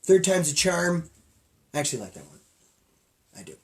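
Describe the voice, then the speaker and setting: A man's voice: sing-song, normal speed, a little hiss or hum. Jokey, rambling male podcast co-host. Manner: jokey, rambling, swings between loud bits and low mumbles. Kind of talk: casual comedic chat.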